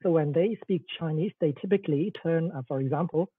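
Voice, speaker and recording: A man's voice: on the high side, fast talker, slightly rough, no room sound. A man giving an online academic lecture, explaining with frequent "okay"s and fillers over a video call. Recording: tinny, dry phone-like call audio.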